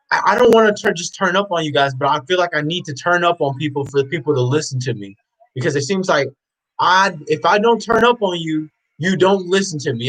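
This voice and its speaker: A man's voice: fairly high pitch, a bit bright, rough recording. A man giving a blunt, unscripted motivational rant, preaching intensely, hammering the same questions over and over, swearing and often raising his voice. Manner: blunt and profane. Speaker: motivational vlogger.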